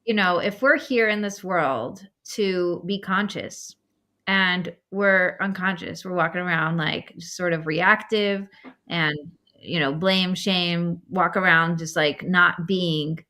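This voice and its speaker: A woman hosting a podcast and coaching, chatting in an animated way and acting out the people in her stories. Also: on the low side, slow pace. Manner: animated, acts out quoted voices in stories. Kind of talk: conversational podcast chat.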